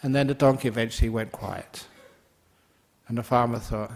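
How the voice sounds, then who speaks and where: A man's voice: medium pitch, steady tone, normal speed, vocal fry, a little mellow. A man, a Buddhist monk, giving a dharma talk and telling stories playfully while laughing at his own jokes.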